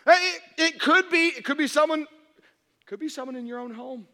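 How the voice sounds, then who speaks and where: A high-pitched man with a bright, sharp tone preaches to a congregation in a reverberant hall. He tells funny stories with big swings, dropping to a hush and then rising to shouts. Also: normal speed. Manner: animated, swings between hushed and shouting. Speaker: pastor. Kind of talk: humorous sermon storytelling. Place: church hall before an audience.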